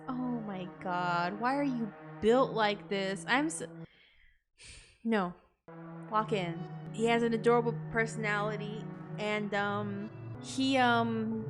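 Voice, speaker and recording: A young adult woman playing a game on camera, reading its text aloud and reacting in an expressive, jokey way, with bursts of loud disbelief. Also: a little high, slow, over music. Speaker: gaming content creator.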